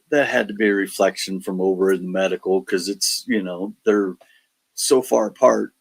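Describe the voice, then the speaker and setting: Gravelly, husky man telling stories. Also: on the low side, low-quality recording. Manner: animated storyteller, acts out quotes, laughs between lines. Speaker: paranormal investigator guest. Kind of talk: casual storytelling on a podcast.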